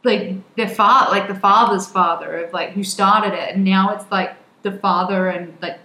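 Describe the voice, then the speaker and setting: A woman's voice: mid-range voice, fairly even intonation, normal speed, bright, forceful tone. A woman co-hosting a podcast in casual chat, teasing and laughing often. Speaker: podcast co-host. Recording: roomy echo.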